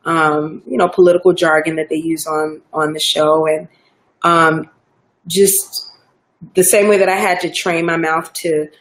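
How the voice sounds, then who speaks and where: Southern woman from Georgia, low voice, loose chatty delivery with fillers; interview guest. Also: measured pace. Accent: Southern American. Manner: relaxed, chatty, many fillers and restarts. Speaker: actor guest. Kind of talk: casual interview chat.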